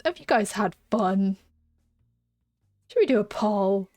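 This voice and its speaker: A woman's voice: mid-range voice, animated, slow, pauses often, no echo, soft background music. Giggly woman streaming, dry close mic. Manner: chatty, giggly, often drops to a hushed whisper. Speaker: game streamer. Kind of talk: casual live-stream chat. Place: small room at home.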